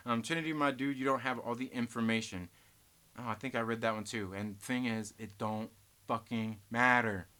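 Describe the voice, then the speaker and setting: Bright-voiced male streamer, foul-mouthed, heated rant to chat. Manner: swearing, ranting, heated; swings between loud outbursts and low muttering. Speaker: live stream host. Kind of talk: profane live stream rant, reading chat.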